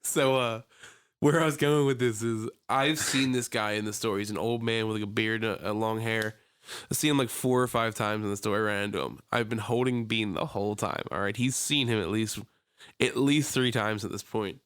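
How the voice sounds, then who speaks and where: A young man co-hosting a podcast, telling a long story in casual chat, swearing freely and breaking into high voices when he quotes people. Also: fairly even intonation, moderate pace, fairly bright tone, clean tone, no echo, studio quality. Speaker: podcast co-host. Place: small room, in person with co-host.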